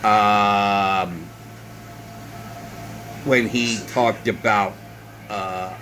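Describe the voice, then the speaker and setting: A man's voice: on the low side, fairly even intonation, sharp tone, a little hiss or hum, rough recording. A man vlogging in an indignant, repetitive monologue that keeps circling back to the same points. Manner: indignant, repetitive, drawn-out phrasing. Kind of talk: ranting monologue.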